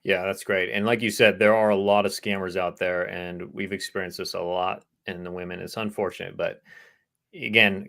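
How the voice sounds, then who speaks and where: Brief: male dating coach, low-pitched, earnest explainer. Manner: earnest, explanatory, quotes women's pleas in a softer voice. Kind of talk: advice talk answering viewer questions.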